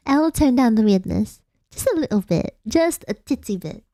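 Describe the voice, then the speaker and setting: Young woman from Australia, playful and giggly, mellow voice, rather high. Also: animated, normal speed, no echo, studio quality. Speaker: vtuber streamer. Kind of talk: casual late-night chat.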